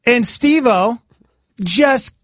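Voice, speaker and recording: A man's voice: very high-pitched, animated, drawn-out words, a bit bright, slight background noise. A man co-hosting a radio show, chatting and teasing his partner. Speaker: radio co-host. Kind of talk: radio banter.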